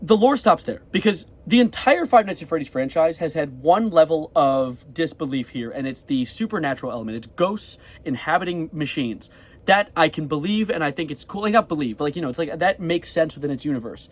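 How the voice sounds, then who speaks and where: A young man rambling fast in a casual video diary, swearing casually as he talks. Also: on the high side, expressive. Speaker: vlogger.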